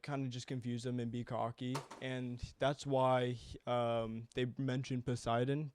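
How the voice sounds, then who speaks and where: A young man talking through a film in loose, rambling podcast chat, with the odd swear. His voice is smooth and resonant, and his pitch sits mid-range. The sound is close and dry. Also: a little mellow, dry recording. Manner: casual, rambling, swears freely. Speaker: podcast co-host. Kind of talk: casual chat.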